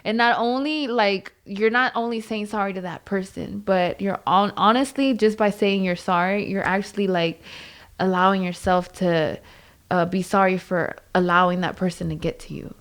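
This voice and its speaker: A woman's voice: medium pitch, normal speed. A woman guest on a podcast, speaking frankly and casually with slang and easy laughter. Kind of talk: casual chat.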